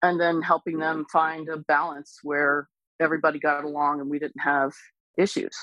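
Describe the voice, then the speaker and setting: A woman dog trainer speaking as an interview guest, explaining patiently and calmly, with lively bursts when she imitates other people. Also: deep voice, normal speed, no room sound, lo-fi sound. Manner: calm, explains patiently, animated when imitating excited owners. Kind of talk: casual explanatory interview talk.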